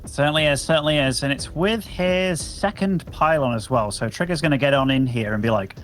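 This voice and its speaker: A man's voice: fairly high pitch, brisk, a bit bright, faint music behind. A man casting a live strategy game match, chatty and upbeat, bantering with his co-caster. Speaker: esports caster.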